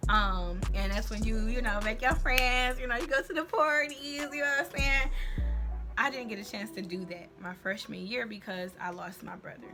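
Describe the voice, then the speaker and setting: A woman's voice: a little high, steady tone, moderate pace. A young woman tells a personal story in a candid, slangy, faith-centered vlog. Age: young adult. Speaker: vlogger. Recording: music playing underneath.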